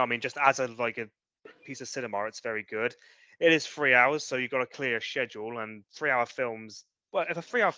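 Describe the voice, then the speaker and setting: A man's voice: medium pitch, bright, forceful tone, muffled recording. A British man co-hosting a casual chat show, ranting in an opinionated way with British slang. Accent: British English. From Britain. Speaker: podcast co-host.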